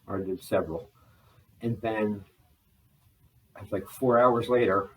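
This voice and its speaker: A man talking in a rambling video journal, holding back a restless energy and slowing himself down on purpose. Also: on the low side, recorded from a distance, a little hiss or hum, rough recording. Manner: restless, deliberately slowed and restrained delivery; frequent fillers and restarts. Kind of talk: rambling personal journal talk. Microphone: laptop.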